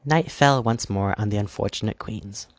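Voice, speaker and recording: A man reading a fairy-tale story aloud in a measured, gently expressive way. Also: fairly low pitch, dry recording. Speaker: reader. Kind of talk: storybook narration with character voices.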